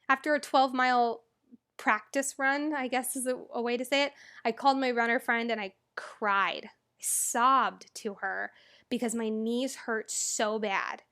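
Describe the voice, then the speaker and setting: A young woman hosts a motivational podcast in an earnest, chatty monologue full of casual asides. Her voice sits a little higher than most women's. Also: fairly bright tone. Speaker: podcast host.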